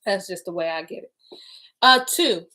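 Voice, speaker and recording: A woman hosting a casual discussion, reading scripture slowly and deliberately and chatting between passages. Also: mid-range voice, pushed and bright. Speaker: host.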